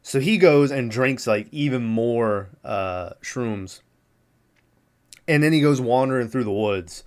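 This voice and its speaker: A man's voice: mid-range voice, slow, darkish tone. A male podcast host casually recapping a film, rambling with lots of fillers, laughing and acting out the characters' lines.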